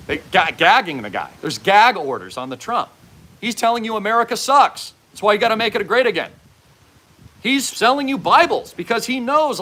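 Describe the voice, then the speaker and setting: A man's voice: high voice, pushed and bright. A man hosting a commentary monologue, speaking in a fervent, preachy, raised voice. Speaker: host.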